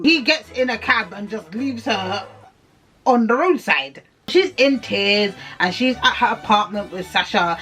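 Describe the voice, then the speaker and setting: A young woman recapping and reviewing a TV series in a casual, sarcastic rant full of swearing and animated outbursts. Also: mid-range voice, measured pace, husky.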